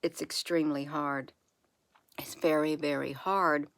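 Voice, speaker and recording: A woman speaking softly and reassuringly to her viewers, repeating phrases slowly in an encouraging spiritual monologue. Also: deep voice, fairly even intonation, no echo. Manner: soft, repetitive, reassuring, with slow drawn-out phrases. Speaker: channel host.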